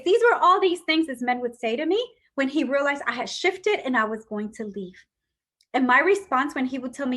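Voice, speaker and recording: A woman's voice: sits high, lively intonation, brisk, fairly bright tone. A middle-aged woman giving an emotional personal testimony, telling her story with emphatic quoted dialogue.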